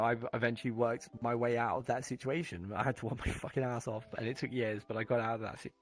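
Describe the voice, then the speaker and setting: A man, a guest on a chat stream, talking in a halting way with many fillers and restarts. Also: mid-range voice, a bit bright. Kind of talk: casual chat.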